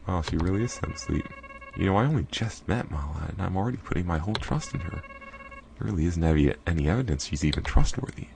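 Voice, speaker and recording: A man with a very deep, gravelly voice talks casually over a game, often apologizing to his viewers. His pitch stays lively as he talks. Faint game music runs underneath. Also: fast talker, background noise. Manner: chatty and apologetic. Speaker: let's play host.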